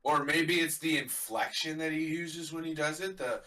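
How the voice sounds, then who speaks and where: Man, casual live reaction chat, bright tone, chatty asides. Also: fairly high pitch. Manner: chatty, quick asides, explains hockey lingo. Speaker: stream host.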